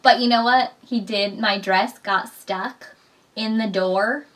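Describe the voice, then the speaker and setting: A bright, clear young woman chats away with her husband, often laughing and slipping into quoted voices. She sits a little back from the microphone, so her voice carries some distance. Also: mid-range voice, steady tone, takes it slowly. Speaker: vlogger talking with her husband. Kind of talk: casual chat.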